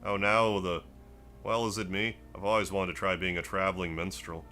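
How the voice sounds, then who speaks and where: A man with a fairly low voice and a bright, forceful edge chats through a gameplay stream. He rambles easily, greets viewers by name and thinks out loud between moves. Quiet game music sits faintly behind him. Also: moderate pace. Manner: relaxed, rambling, greets chat, muses aloud. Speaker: gaming live streamer. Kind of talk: casual gameplay stream chat.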